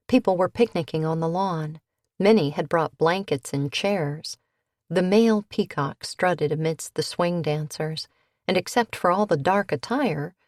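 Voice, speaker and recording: A woman narrating a cozy mystery audiobook in a measured, slow read. Her voice sits a little low and the recording is dry and close, with no room around it. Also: darkish tone, dry recording. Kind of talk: scripted narration.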